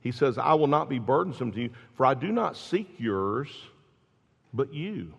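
A husky, animated preacher speaks a little slowly, his voice carrying vocal fry. Working through scripture, he grows louder and higher at key moments, and the recording is dull with long hall reverb.

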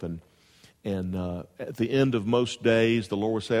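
A man's voice: lowish voice, steady tone, moderate pace, long reverb tail. A man preaching a sermon to a congregation, rising into emphatic bursts and asking the room questions. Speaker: pastor. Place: church sanctuary.

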